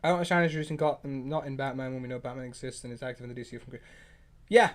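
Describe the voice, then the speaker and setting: A man hosting a livestream, chatting casually and reacting to viewer comments in an excitable, rambling, opinionated way. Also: mid-range voice. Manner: excitable, rambling, quick restarts and opinionated asides. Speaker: livestream host.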